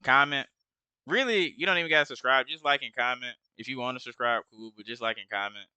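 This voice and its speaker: Rambling man with a bright crisp voice. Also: mid-range voice, a little fast, dry recording. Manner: rambling, slangy, hesitant fillers. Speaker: gamer. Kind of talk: casual let's-play chat.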